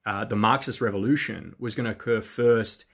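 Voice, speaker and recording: A man talking to camera in a measured, lecturing tone, pausing often on fillers. His voice sits fairly low. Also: fairly even intonation, creaky, fairly bright tone. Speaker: political commentator in a played clip. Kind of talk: monologue to camera.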